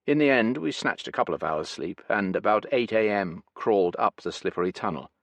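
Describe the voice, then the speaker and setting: A man reading a history audiobook in a measured, even scripted narration. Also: fairly low pitch, dry recording.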